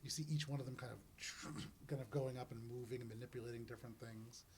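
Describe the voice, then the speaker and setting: A man's voice: mid-range voice, fairly even intonation, fast, a crowd in the background. A man narrating a tabletop game as game master, describing scenes and dropping into character voices.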